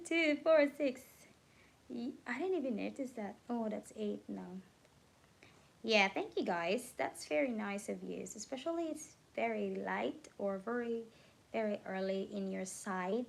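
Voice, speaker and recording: A woman chatting casually on a crochet livestream, unhurried and a little drowsy, often pausing with ums to search for the right words. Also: fairly high pitch, creaky.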